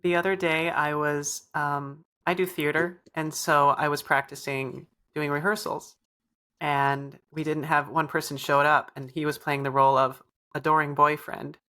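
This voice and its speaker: A woman co-hosting a casual podcast interview, telling stories in a relaxed, playful manner. Her voice sits very low for a woman. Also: moderate pace. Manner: easygoing, playful storyteller. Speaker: podcast co-host.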